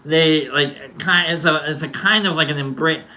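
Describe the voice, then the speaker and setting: Man, casual host, very bright tone, slightly high voice, rambling and jokey. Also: moderate pace. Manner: rambling, self-interrupting, jokey. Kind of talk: casual chat.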